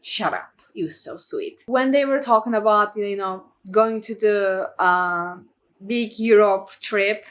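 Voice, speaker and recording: A woman's voice: mid-range voice, takes it slowly, fairly bright tone. A woman giving a casual, emotional movie review in a vlog, chatting freely and filling her talk with "you know" and "like".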